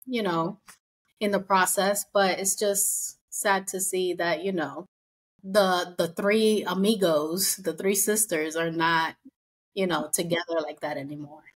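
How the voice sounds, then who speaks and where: A woman's voice: fairly low pitch, a little slow, breathy edge. Chatty woman recapping a reality show. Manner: chatty, acts out quotes in animated voices. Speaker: podcast co-host. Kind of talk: casual recap chat.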